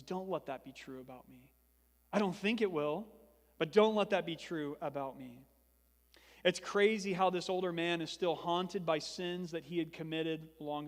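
A young male pastor preaching with a high, earnest voice. He piles up phrases for emphasis, and his words ring with the long reverb of a large church hall. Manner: earnest, building to emphatic repetition. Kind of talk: sermon.

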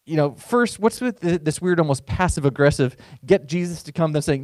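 A man's voice: fairly high pitch, fairly quick, hardly any pauses, darkish tone, no echo. Conversational male pastor, dry sound. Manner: conversational, often repeats words when restarting. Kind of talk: sermon.

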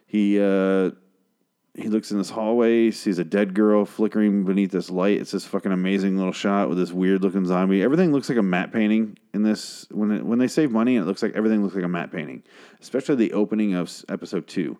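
A man talking in a hushed way late at night at home, casually recapping a TV episode and swearing often. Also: sits low. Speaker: show recapper. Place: home at night, a girlfriend asleep in the next room.

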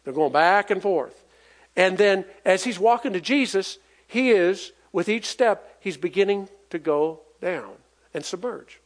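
A male preacher with a high-pitched voice delivers a sermon in a folksy, emphatic style. He draws the congregation into call-and-response and chuckles between his points. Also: animated, unhurried.

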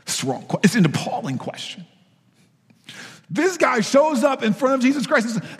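Animated male preacher in a reverberant hall. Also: very high voice, moderate pace, long pauses, breathy edge. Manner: animated storytelling with casual asides. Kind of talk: sermon.

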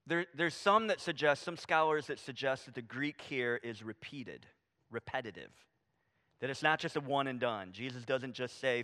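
A man preaching a sermon, animated and conversational, acting out quoted voices and dropping to a hush for emphasis. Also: medium pitch, normal speed. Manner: animated, swings from loud emphasis to hushed near-whisper; acts out quoted voices, casual fillers like "I mean" and "right?". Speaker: pastor.

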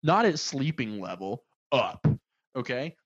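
A man telling a story in casual chat, acting out the people in it with lively swings of voice. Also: medium pitch, unhurried, highs cut off. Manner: animated, acts out the people in his story.

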